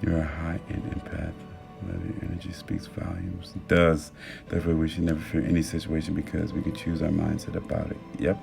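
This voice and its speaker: Gravelly low-voiced man on a live stream. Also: fairly quick. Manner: warm, affirming, talks about love and manifesting; excitable bursts with stumbling restarts. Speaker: TikTok live host. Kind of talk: casual live-stream chat reading comments. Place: at home. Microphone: phone. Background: soft music playing.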